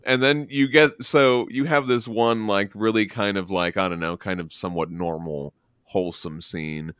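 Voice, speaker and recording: A man's voice: fairly low pitch, steady tone, moderate pace, fairly bright tone, clean tone, no room sound, clean studio sound. A man co-hosting a podcast, talking enthusiastically about a comic book, with many fillers and restarts. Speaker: podcast co-host. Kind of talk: casual comic book discussion.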